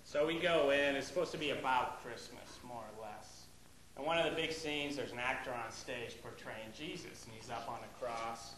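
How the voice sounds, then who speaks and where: A man's voice: medium pitch, moderate pace. A young man from the Boston area doing stand-up with a wry, conversational delivery. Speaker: stand-up comedian. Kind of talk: stand-up storytelling. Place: comedy club. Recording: echoey room with loud crowd laughter.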